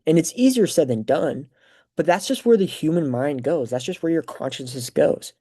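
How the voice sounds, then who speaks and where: On his podcast, a young male host with a somewhat high voice tells a story from his own life at a moderate pace. It's a rambling, filler-laden, animated retelling in a relaxed tone.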